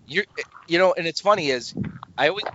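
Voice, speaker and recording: A man's voice: on the high side, lively intonation, fairly quick, sharp tone. A man hosting a podcast in casual chat, rambling and self-deprecating with many restarts. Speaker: podcast host. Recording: slightly dull lo-fi podcast audio.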